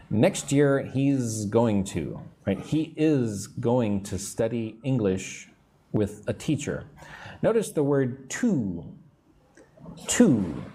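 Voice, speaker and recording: Slow, lively-voiced male English teacher. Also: on the low side. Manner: explains slowly and reads out viewer comments; drawn-out, patient teacher delivery. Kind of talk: live-streamed online lesson.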